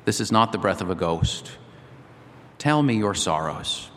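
A man reading aloud as a huge, calm male lion, speaking slowly and gravely. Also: fairly low pitch, pitched below the performer's own voice. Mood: gentle. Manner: slow, grave, measured. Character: vast, deep-voiced, calm male lion being. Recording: long hall reverb.

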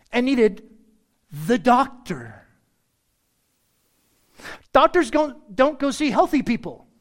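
A man preaches to his congregation in an animated, chatty way, throwing in jokes and playful asides. His pitch roams widely as he talks, rising high for emphasis and dropping low for confiding remarks. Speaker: pastor. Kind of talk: sermon.

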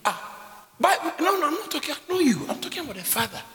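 A man preaching a sermon, acting out voices and breaking into shouts. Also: very high-pitched, fast talker, slight background noise. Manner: animated, acts out voices and shouts. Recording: echoey hall.

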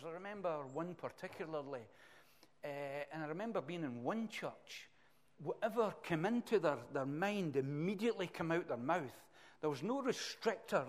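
A middle-aged Scottish man preaching a sermon, emphatic and animated, swinging between loud bursts and quiet asides. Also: a little high. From Scotland.

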